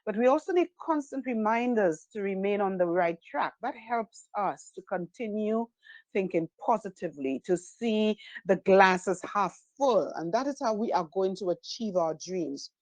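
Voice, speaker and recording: A woman hosting a community training, giving a measured, uplifting formal introduction. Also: medium pitch, lively intonation, no echo, poor audio.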